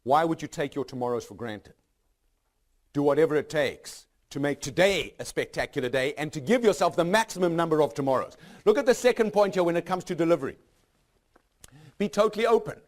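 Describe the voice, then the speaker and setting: A man with a high voice gives an unscripted motivational speech to a live audience. He talks emphatically, stacks short repeated lines, and keeps asking the room rhetorical questions. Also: animated, brisk. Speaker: motivational speaker.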